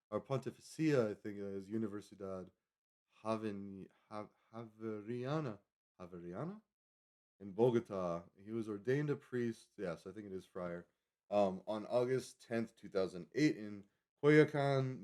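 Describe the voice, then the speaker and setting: A man's voice: lowish voice, a little mellow. A man livestreaming, rambling casually as he reads a web page aloud and stumbles over foreign names. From Colorado. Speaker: livestream host.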